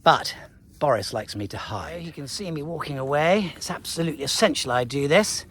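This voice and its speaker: A farmer vlogger with a fairly high, animated, slightly bright and breathy voice speaks fairly quickly as he chats to the camera. Outdoors on his farm and at a livestock market, he narrates casually while coaxing his cattle along.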